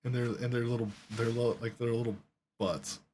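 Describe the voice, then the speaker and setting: A man's voice: medium pitch, little pitch movement, fairly quick, a little mellow, slight background noise. A man telling a long story while playing a game, rambling along with lots of swearing and quoted voices. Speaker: gaming streamer.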